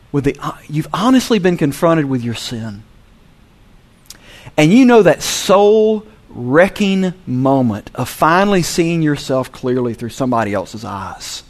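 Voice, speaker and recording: A man preaches with a lively, high-pitched voice. He drops into quiet, low asides, then climbs to loud, emphatic peaks. His delivery is that of a pastor addressing his congregation. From Southern US. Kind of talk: sermon.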